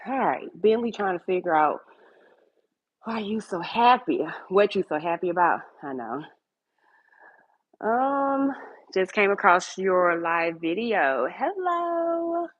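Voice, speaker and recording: A woman's voice: on the low side, animated, slow pace, long pauses. A woman streaming live from her home kitchen at night, chatting casually with viewers and talking to her dogs. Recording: tinny phone-like sound.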